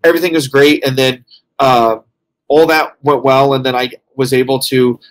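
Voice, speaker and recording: A man's voice: medium pitch, steady tone, moderate pace. A tired man co-hosting a casual podcast chat, rambling along with lots of fillers as he reports back. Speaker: co-host reporting from a convention.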